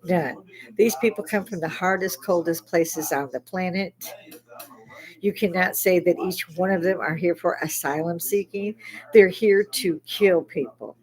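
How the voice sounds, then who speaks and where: A woman's voice: fairly low pitch, measured pace, rough recording. An older woman hosting a casual monologue, ranting angrily in a blunt, profane way. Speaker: host.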